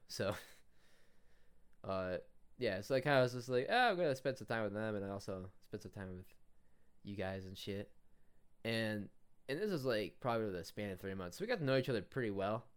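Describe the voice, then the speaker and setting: A man's voice: on the low side, clean tone. A young man hosting a podcast, telling a story in a casual, profane rant, often laughing and mocking people. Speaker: podcast host.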